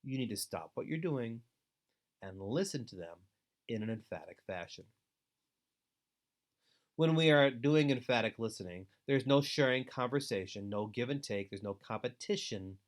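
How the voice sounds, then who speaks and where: A man giving an instructional webinar talk to foster parents, earnest and deliberate, with steady advising emphasis. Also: mid-range voice. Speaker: foster care trainer.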